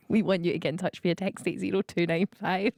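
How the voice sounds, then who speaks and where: A woman's voice: lowish voice, gravelly, a little mellow, no echo. A woman hosting a radio show in a studio, chatting casually, laughing often and jumping between tangents. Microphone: studio microphone.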